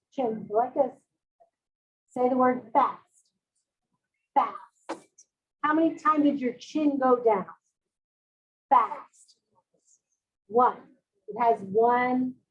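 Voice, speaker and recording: A woman's voice: a little high, highs cut off. A woman presenting a parent workshop on early reading, leading the audience through call-and-response sound drills.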